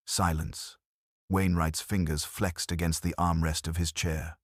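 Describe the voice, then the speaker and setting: Deep-voiced man narrating a mystery. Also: flat delivery, unhurried, no room sound, clean studio sound. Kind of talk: scripted mystery storytelling.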